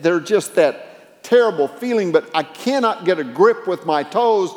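A man's voice: high-pitched, a little mellow, in a large hall. A man preaching a sermon, retelling scripture with dramatic swings in volume.

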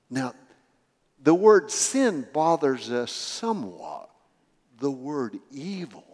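A man's voice: on the high side, darkish tone, big-room sound. A man preaching a sermon, telling a story with acted dialogue and building to emphatic swells.

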